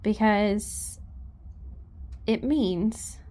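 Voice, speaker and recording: Casual slow-talking woman trainer explaining stuff, sweet-talking her horse. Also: medium pitch, dark tone. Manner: chatty, coaxing, talks to her horse. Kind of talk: casual instructional vlog.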